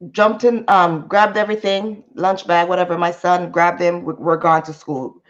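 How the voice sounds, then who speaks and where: A woman's voice: lowish voice, normal speed. Chatty woman livestreamer, muffled audio. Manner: animated, chatty, greets viewers mid-story. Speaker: livestream host. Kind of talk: casual storytelling livestream.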